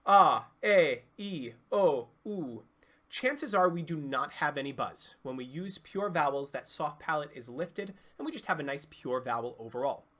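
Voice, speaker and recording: A singing coach giving an online vocal lesson, explaining clearly and demonstrating sounds. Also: medium pitch, lively intonation, normal speed, few pauses, a bit bright.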